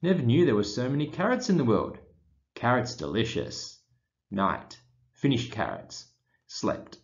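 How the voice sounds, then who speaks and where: A man reading a children's picture book aloud in short, deadpan diary fragments with pauses. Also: medium pitch, lo-fi sound. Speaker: storybook reader.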